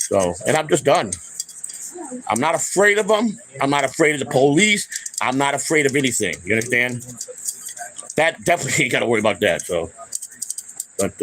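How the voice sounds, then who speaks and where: Ranting angrily and off the cuff to the camera on his own channel, an older male host swears heavily, gets confrontational, repeats himself, and keeps trailing off to start over. His voice is mid-range and fairly bright, and the recording is low quality.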